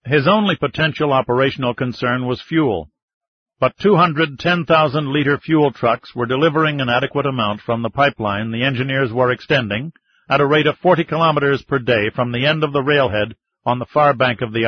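Husky male audiobook narrator. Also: mid-range voice, brisk, no echo. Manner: steady, even storytelling. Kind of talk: scripted narration. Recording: dull, slightly muffled audiobook sound.

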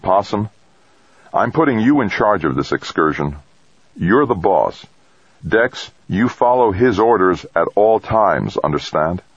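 A man's voice: on the low side, big pitch swings, measured pace, breathy edge, no room sound, dull audio, pitched above the performer's own voice, full character voice. A man voicing a firm male mission leader who gives orders in a controlled, commanding way.

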